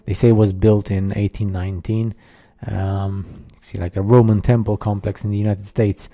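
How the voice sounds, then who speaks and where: Dark-voiced man, halting skeptical narration. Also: fairly low pitch, flat delivery. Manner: halting, many fillers and restarts, skeptical asides. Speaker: narrator of a slideshow video. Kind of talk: casual voice-over commentary.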